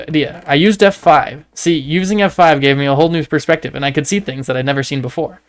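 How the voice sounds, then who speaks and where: Speaking at a quick pace, this man has a slightly high voice and a Canadian accent. He's a livestreaming gamer doing casual commentary, a joking storyteller who chats and wanders through funny anecdotes while playing.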